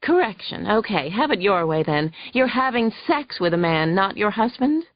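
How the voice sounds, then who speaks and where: A woman's voice: medium pitch, very animated, normal speed, no echo, dull audio, voice pushed up, close to an everyday voice. A woman voicing a snide, huffy female attorney who fires badgering questions in an audiobook. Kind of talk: audiobook character voice.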